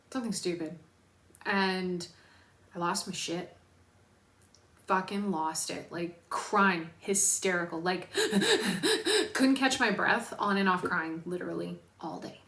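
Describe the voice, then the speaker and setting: Young adult woman, bright and crisp, candid vlog chat with casual swearing, echoey room. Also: mid-range voice. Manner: frank, swears freely, many fillers. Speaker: personal trainer and vlogger.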